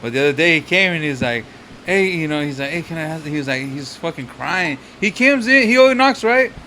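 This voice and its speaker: A man's voice: a little high, animated, fairly quick, bright, forceful tone, slight background noise. A man co-hosting a podcast, telling a street story in casual chat, swearing often and acting out the people he quotes. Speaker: podcast co-host.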